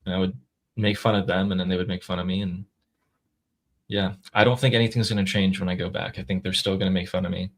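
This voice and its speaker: American guy on a stream, kinda low voice, laid-back and a bit wry. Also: level tone, fast talker. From United States. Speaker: livestream co-host. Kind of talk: casual livestream chat.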